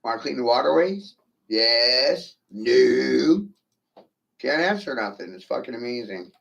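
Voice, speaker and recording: A man's voice: medium pitch, animated, a little slow, vocal fry, a bit bright. A man ranting on a livestream, profane and provocative, firing rhetorical questions at his viewers. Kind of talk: rambling livestream rant.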